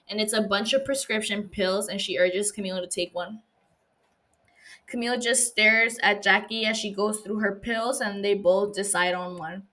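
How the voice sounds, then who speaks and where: A woman podcast host recapping a TV episode in casual chat, reacting with lively, profane outbursts. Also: medium pitch, normal speed. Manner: animated, profane, gushing reactions.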